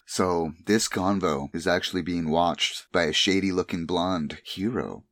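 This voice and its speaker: A man with a fairly low voice tells a story in a loose, chatty way, breaking into laughter and quick silly voices for the characters. The sound is dry and close, with no room around it. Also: no room sound. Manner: animated retelling with quick put-on character voices and frequent laughs. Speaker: podcast host recapping an anime. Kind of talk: casual chat.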